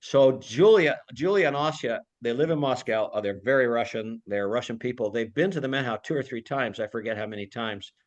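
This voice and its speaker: Man speaker on a video call, chatty and rambling, teases with jokes, mid-pitched voice. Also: a little fast, few pauses, highs cut off. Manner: rambling and jokey, teasing. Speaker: lecturer. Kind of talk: informal talk on a video call.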